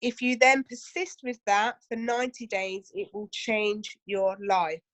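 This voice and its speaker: A woman's voice: mid-range voice, level tone, a little slow, a bit bright, no room sound. Chatty woman giving team training. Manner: chatty, full of asides and rhetorical questions. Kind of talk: casual training talk to a team.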